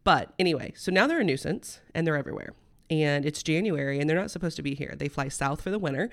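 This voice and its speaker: A woman's voice: sits low, animated, quick pace, gravelly. A woman, hosting a personal storytelling podcast in a chatty, rambling, candid way. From Midwestern United States. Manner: chatty and rambling, full of "um" and "like", laughing mid-sentence; candid and heartfelt, turning emotional. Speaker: podcast host.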